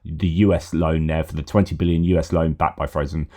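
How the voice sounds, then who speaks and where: This middle-aged British host of a war news channel has a bass voice that's steady, brisk and a little mellow. He delivers casual news commentary, rambling and revising what he says as he thinks aloud.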